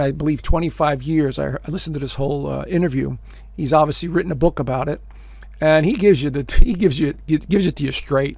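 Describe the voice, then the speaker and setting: A man's voice: on the high side, no echo. A man hosting his own astrology video show, giving casual, emphatic commentary straight to his viewers with plenty of fillers and repeated phrases. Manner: emphatic, addresses listeners as folks.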